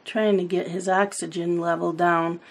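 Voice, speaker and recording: A woman's voice: fairly low pitch, little pitch movement, moderate pace. A middle-aged woman chatting casually about her day while she colors, telling family stories in a loose, rambling way. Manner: chatty storytelling, laughs at family anecdotes. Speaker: coloring channel host.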